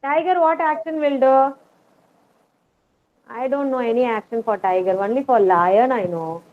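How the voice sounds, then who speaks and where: A woman teaching a kindergarten class online, slowly and patiently repeating each word for the children to echo. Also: fairly high pitch, a little hiss or hum. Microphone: video call. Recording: tinny video call audio.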